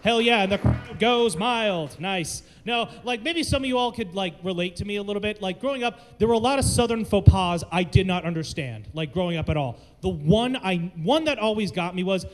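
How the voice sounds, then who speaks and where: A man from the American South co-hosting a live comedy show, loud, playful and exclamatory, working the crowd. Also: sits high, expressive, brisk, few pauses. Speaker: comedy co-host. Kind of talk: stand-up hosting with crowd work. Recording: echoey hall.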